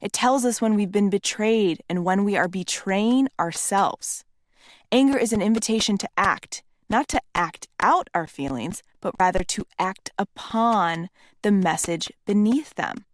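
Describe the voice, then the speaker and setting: A woman's voice: medium pitch, a little slow, no room sound. Candid woman narrating her own memoir. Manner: candid and conversational, with blunt swearing. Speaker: author reading her own book.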